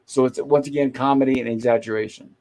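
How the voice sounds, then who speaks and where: A man's voice: medium pitch, fairly even intonation, quick pace, vocal fry, darkish tone. A man hosting a show, casually retelling an old TV episode scene by scene. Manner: acts out quoted lines while recapping, chatty. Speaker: host.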